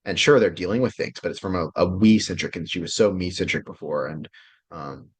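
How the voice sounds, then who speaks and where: Man with a lowish voice, relationship coach, loose, profane and excitable delivery, video-call sound. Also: brisk, breathy edge. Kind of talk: casual online class presentation.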